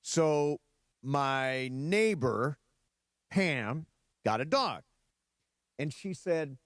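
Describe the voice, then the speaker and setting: A male radio co-host with a lively voice that swoops up and down as he tells stories. His anecdotes ramble along and often start over mid-sentence. The studio sound is close and dry. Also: fairly high pitch, drawn-out words, pauses often, no echo. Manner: rambling personal anecdotes with lots of restarts. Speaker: radio sports talk co-host. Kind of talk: casual studio banter.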